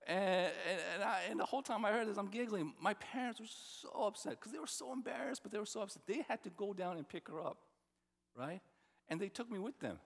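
A man's voice: sits high, expressive, fairly quick, gravelly. A man from New Jersey preaching a sermon as pastor, in a conversational style with personal stories and rhetorical questions. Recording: long reverb of a large hall.

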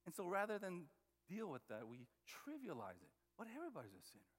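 A man's voice: high-pitched, huge pitch swings, quick pace. A man preaching a sermon as a pastor, conversational and full of restarts and repeated words. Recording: long hall reverb.

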